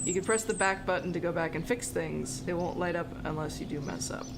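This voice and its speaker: A woman's voice: lowish voice, a little fast, noisy background, voice pushed down, natural voice. A woman voicing a pompous male rocket scientist as she reads his tutorial lines aloud, with a self-satisfied tone. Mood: boastful. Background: game music.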